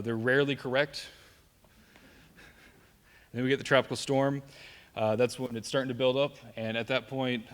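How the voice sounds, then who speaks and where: In a big hall whose long reverb trails his words, a young man from the American South delivers a live safety presentation. His Southern-accented voice stays at a medium, everyday middle pitch as he jokes conversationally with the crowd and keeps checking in with "right?".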